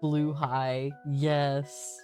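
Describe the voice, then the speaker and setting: A woman's voice: low-pitched, flat delivery, drawn-out words, warm tone. A woman streamer playing a character in a tabletop game, reacting enthusiastically in short remarks. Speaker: player, streamer. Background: faint background music.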